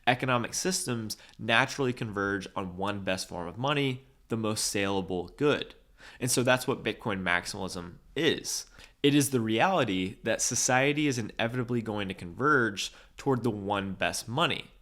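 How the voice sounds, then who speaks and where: A man with a fairly low voice reads a scripted explainer. His delivery is measured and steady, like a host walking viewers through a topic.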